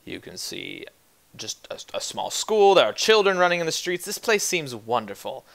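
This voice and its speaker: Young male game master, casual and profane, animated. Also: a little high, normal speed, gravelly. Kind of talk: narrating a tabletop game.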